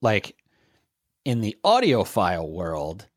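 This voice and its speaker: A man's voice: fairly low pitch, wildly swooping pitch, slow pace, no room sound. A man co-hosting a podcast, explaining technology in loose, casual talk full of fillers. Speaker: podcast co-host. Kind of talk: casual tech chat.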